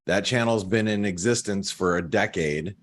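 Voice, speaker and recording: A man's voice: sits low, moderate pace. A man talking casually on a trading webinar as a market analyst, loose and chatty with many fillers, laughing at his own jokes. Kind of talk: casual chat walking through charts.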